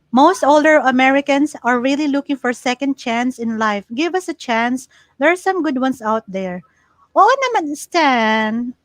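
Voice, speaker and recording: A woman's voice: high-pitched, fairly bright tone, no room sound, rough recording. A chatty, giggly woman with a Filipino accent, hosting a casual livestream and reading out viewer comments. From Philippines. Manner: chatty, giggly, code-switching. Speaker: livestream host.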